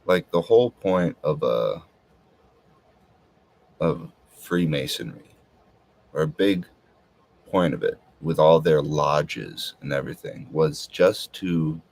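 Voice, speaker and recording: A man with a very deep, husky voice rambles through a casual monologue. He speaks slowly and hesitantly, with many filler words. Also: lively intonation, a little mellow. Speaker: podcast host.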